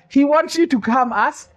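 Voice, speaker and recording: A man preaching a sermon, repeating key phrases for emphasis, asking the congregation questions and adding humorous asides. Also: extremely high pitch. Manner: quizzes the congregation for responses.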